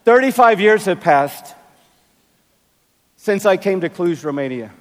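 A pastor in his sixties preaching a sermon in a large arena, with emphatic, drawn-out phrasing and playful asides. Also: high voice, lively intonation. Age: 60s. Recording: long arena reverb.

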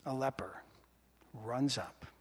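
A man preaching a sermon in a lively, playful, conversational way to his congregation. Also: mid-range voice, takes it slowly, breathy edge. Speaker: pastor. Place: church sanctuary. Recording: long reverb of a church hall.

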